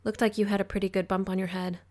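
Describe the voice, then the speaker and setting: A woman reading an audiobook, voicing a brisk, warm young mother in a lively, friendly way, higher than her narration. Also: natural voice. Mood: friendly, upbeat.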